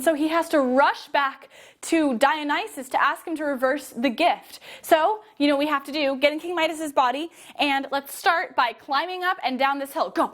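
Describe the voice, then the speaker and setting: A young woman telling a story to children while leading them through movement, energetic and encouraging. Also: high voice, moderate pace. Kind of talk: guided kids' yoga storytelling.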